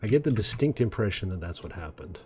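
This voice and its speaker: A man with a fairly low voice talks through his city-building game at the computer. His tone is easygoing and chatty, with self-deprecating jokes along the way. Soft mouse clicks and keyboard taps sit faintly behind him. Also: lively intonation, quick pace, slight background noise. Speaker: gaming video host. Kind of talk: casual gameplay commentary. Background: faint mouse clicks and typing.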